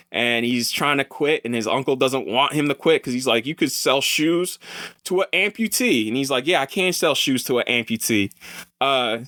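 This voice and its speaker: A man hosting a casual film podcast, talking in an animated, slangy way with plenty of swearing. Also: mid-range voice, dry recording, studio quality. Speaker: podcast host, film reviewer. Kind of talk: casual chat.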